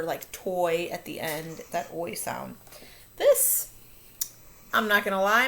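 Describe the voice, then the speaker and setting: Lively woman teacher with a gravelly edge. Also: medium pitch. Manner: upbeat, patient, self-correcting. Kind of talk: phonics lesson for children.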